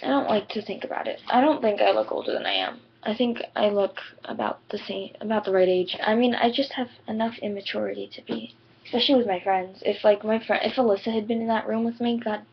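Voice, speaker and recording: A woman's voice: medium pitch, animated, fast, a little hiss or hum. A teenage girl telling a story to camera in a chatty, rambling way, full of "like" and "you know". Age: teens. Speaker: vlogger. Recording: dull lo-fi webcam audio.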